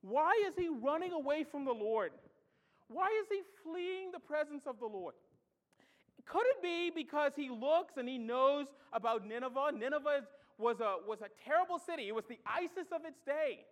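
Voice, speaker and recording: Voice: high-pitched, animated, normal speed. A preacher delivering a sermon with impassioned energy and emphatic rhetorical questions. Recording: long hall reverb.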